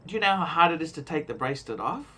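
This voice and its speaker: A man from Australia hosting a casual watch-talk livestream, excitable and rambling. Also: on the high side, rapid-fire, crowd noise. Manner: excitable, rambling, reads out donations. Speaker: livestream host.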